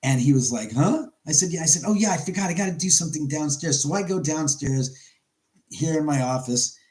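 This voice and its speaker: A man's voice: fairly high pitch, brisk, a little mellow, low-quality recording. Rambling man hosting a home livestream. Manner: rambling storyteller, reads chat aloud. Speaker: livestream host. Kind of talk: casual livestream chat. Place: his house, indoors.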